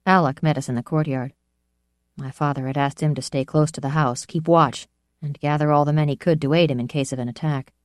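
A woman narrating an audiobook in a steady, measured storytelling manner. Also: low voice, no echo, clean studio sound.

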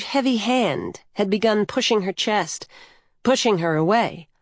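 A woman narrating a storybook in a slow, measured, lyrical way. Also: mid-range voice, no echo, studio quality. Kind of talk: scripted audiobook narration.

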